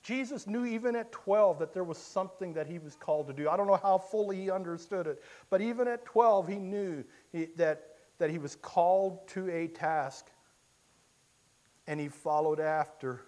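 Man, preacher, sermon, slightly high voice, impassioned, hushed then loud cries. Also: normal speed. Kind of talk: sermon with dramatic first-person storytelling.

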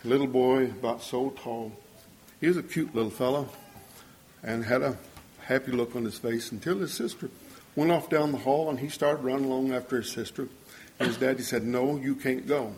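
A man's voice: mid-range voice, normal speed, darkish tone, slight background noise. An older man preaching a sermon, earnest and storytelling, acting out the voices of people in his stories.

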